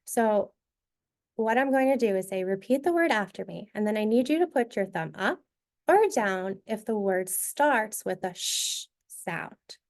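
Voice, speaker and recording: A woman's voice: mid-range voice, animated, unhurried. Woman modeling a classroom reading drill. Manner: clear, instructive, step-by-step. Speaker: presenter. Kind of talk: teacher modeling a classroom literacy activity.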